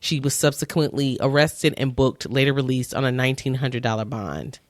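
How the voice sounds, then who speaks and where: A woman co-hosting a podcast, recounting news in a relaxed, matter-of-fact way. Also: rumbling low, moderate pace, dry recording, studio quality. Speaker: podcast co-host. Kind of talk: casual chat.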